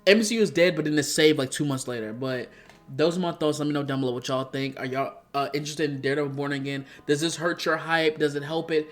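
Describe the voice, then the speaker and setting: A young man talks through his opinions in a casual vlog, rambling, exasperated and heavy on slang. His voice sits a little high for a man. Soft music plays faintly underneath. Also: steady tone, fast talker. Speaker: YouTube commentator. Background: faint background music.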